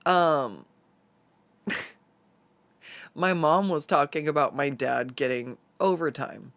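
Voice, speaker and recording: A woman's voice: deep voice, slow, fairly bright tone, no echo. A young woman streamer telling stories in casual chat, laughing often and swearing freely.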